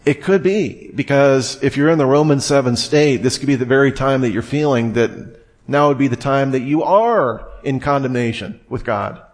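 Man teaching through a Bible passage. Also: medium pitch. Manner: measured, explanatory, reads scripture aloud.

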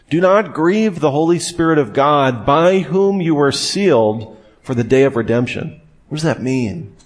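A young man preaching a casual, conversational sermon, often acting out imagined inner voices and asking the listeners questions. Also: medium pitch.

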